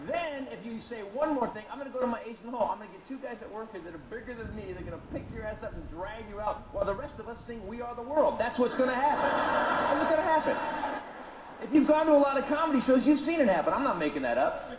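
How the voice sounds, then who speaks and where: A man doing a brash stand-up comedy routine on stage, animated and loud at times. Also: very high voice, rapid-fire, few pauses. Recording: echoey venue with noise.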